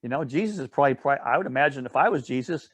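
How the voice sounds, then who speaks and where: A man's voice: mid-range voice, animated, very fast, no echo. A man leading a casual Bible study. He retells a story in a rambling way, with asides and self-corrections, and often checks in with "all right?".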